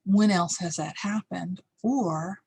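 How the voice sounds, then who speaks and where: A woman's voice: on the low side, slow pace, breathy edge. A middle-aged woman teaching a course, telling a candid, reflective personal story and acting out the voices in it. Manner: candid, reflective, acts out yelled lines.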